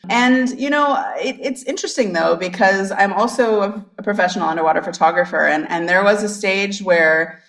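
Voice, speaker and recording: An American woman from Northern California, a marine biologist, telling her story in a casual interview, eager and quick with many restarts. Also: mid-range voice, a bit bright, roomy sound, distant mic. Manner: enthusiastic, fast storytelling with frequent restarts. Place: her office.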